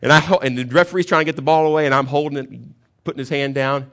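A middle-aged man, a pastor, preaching a sermon and telling a story, going from calm teaching to loud bursts. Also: medium pitch, very fast.

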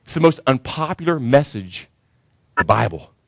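A man's voice: medium pitch, very animated, normal speed, vocal fry, fairly bright tone, no echo. A man pastor delivering a sermon to his congregation, preaching emphatically and rising sharply when he stresses a point.

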